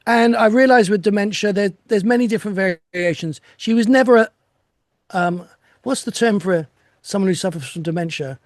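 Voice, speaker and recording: A man's voice: high voice, fairly quick, dry recording, clean studio sound. An older man speaking reflectively over a video call from home as an interview guest, with laughs and restarts. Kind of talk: casual chat.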